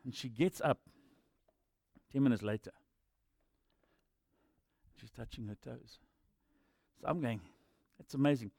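A man preaching a sermon and telling personal stories, moving between loud emphatic lines and quiet asides. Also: medium pitch, slow pace, vocal fry, long pauses, breathy edge, dry recording. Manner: storytelling, swinging from loud emphasis to hushed asides.

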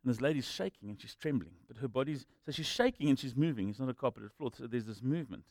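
A man's voice: medium pitch, expressive, fast, no echo. Dry, close-miked male preacher. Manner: storytelling, swinging from loud emphasis to hushed asides. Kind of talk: sermon with personal testimony.

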